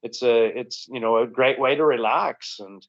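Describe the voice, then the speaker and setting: A man with a Canadian accent, a comedian chatting as a guest in an interview, rambling and relaxed with frequent restarts. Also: mid-range voice, moderate pace. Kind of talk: casual interview chat. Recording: dull lo-fi recording.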